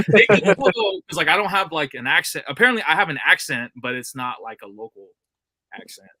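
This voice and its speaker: Bright-voiced man telling rambling stories. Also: fairly high pitch, sing-song, moderate pace, slightly rough, dry recording. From California. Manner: rambling storytelling with many fillers. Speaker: podcast co-host. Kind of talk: casual chat.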